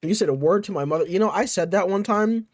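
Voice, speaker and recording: A man's voice: high voice, fast talker. A man streaming live, chatting casually with his viewers in playful, rambling trash talk. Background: faint music.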